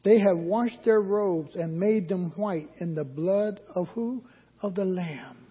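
Here a man preaches in a high-pitched, slow voice with a breathy edge, quizzing his congregation and answering his own questions. The sound is dull, with long hall reverb.

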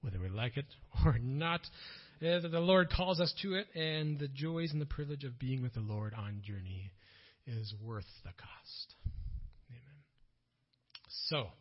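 In a mission talk at a church conference, a man with a mid-range voice speaks at normal speed, recounting stories from his work. He animatedly plays the people in them, shouting their lines, on dull, lo-fi audio from the church PA.

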